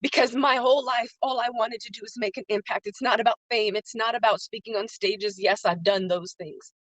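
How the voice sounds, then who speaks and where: A woman's voice: a little high, fairly even intonation, fairly quick, a bit bright, no room sound. A woman hosting a live stream and giving an earnest, emotional motivational talk, repeating phrases for emphasis and greeting her viewers by name. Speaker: livestream host and faith-based business coach.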